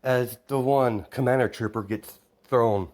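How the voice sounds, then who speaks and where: A man's voice: mid-range voice, unhurried, darkish tone. A man casually retelling a fan-made story, rambling with many fillers and restarts. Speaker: narrator.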